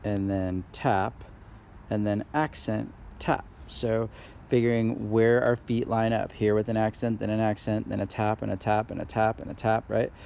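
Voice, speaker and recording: A man's voice: fairly low pitch, flat delivery, moderate pace, vocal fry, darkish tone, a little hiss or hum. A man teaching a percussion exercise in a recorded tutorial, explaining patiently with fillers and counting beats aloud. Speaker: percussion instructor.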